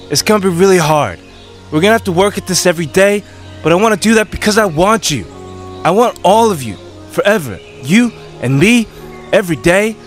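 A man's voice: high-pitched, pitched above the performer's own voice. A man doing an impression of an earnest, pleading young lover in a nasal voice with a faint New York accent. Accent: slight New York. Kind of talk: comedic impression.

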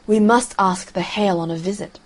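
A woman's voice: medium pitch, moderate pace, close to an everyday voice. A woman reading the lines of the North Wind, a blustering male spirit wrapped in furs, in a storybook. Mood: pleased.

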